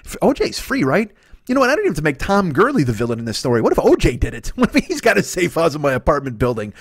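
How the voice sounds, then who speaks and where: A man in his fifties hosting a solo comedy podcast, ranting in a fast, profane, rambling way with lots of restarts. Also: fairly high pitch, huge pitch swings, husky, no room sound, clean studio sound. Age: 50s. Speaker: podcast host.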